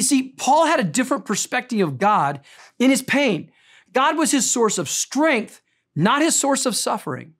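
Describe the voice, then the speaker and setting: Earnest middle-aged pastor preaching. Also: male voice, high-pitched. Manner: earnest, emphatic storytelling that swings between raised intensity and quiet tenderness. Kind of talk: sermon.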